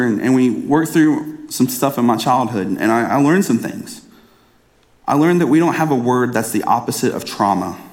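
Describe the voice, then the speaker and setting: Preaching from the pulpit, a man in his thirties recounts something from his own life in an earnest, conversational manner. He keeps restarting his phrases, and his mid-range voice has a darkish tone.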